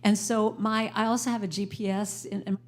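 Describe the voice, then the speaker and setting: A middle-aged woman speaks at a live service in a spiritual center. Her delivery is playful and animated, with a medium-pitched voice, and she coaxes the audience into call-and-response. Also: a little fast. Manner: playful, animated, leads the audience in repeating phrases. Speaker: guest speaker and singer-songwriter.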